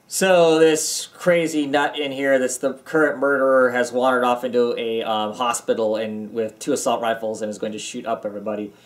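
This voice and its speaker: A tired man giving a casual, rambling comic book review from his home basement, with many ums and restarts. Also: mid-range voice. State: tired, yawning.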